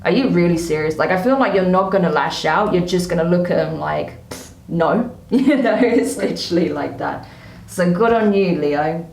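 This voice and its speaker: A woman's voice: on the low side, moderate pace, vocal fry, darkish tone, recorded from a distance, slight background noise. A woman giving a casual tarot reading to camera, chatty and emphatic, often repeating herself. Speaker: tarot reader. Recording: roomy echo.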